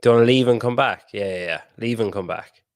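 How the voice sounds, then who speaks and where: A man's voice: fairly low pitch, a little fast, dry recording, clean studio sound. A man hosting a podcast interview over a video call, chatty and laughing often, with casual swearing. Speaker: podcast host.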